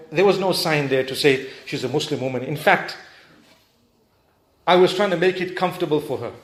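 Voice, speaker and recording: Male preacher, high voice, chatty storytelling sermon, recorded in an echoey hall. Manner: conversational and animated, with frequent asides to the audience. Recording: echoey hall, faint background noise.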